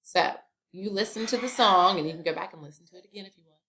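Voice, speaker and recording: A woman's voice: medium pitch, fast, a bit bright. A woman teaching a grammar lesson, explaining each step in a chatty way with casual asides.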